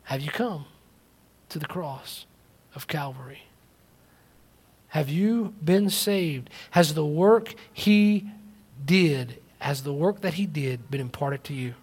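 Guy preaching a sermon, pretty high voice, goes from soft talk to loud fiery bits, repeats himself a lot. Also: expressive, slow pace, husky. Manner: swings from quiet, reflective talk to loud, emphatic preaching; repeats key phrases, with restarts. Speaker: pastor.

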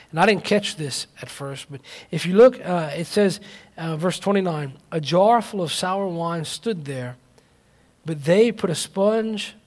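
A man preaching a sermon. He moves from quiet reflective talk to loud emphatic preaching, repeating key phrases and restarting. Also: a little high. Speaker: pastor.

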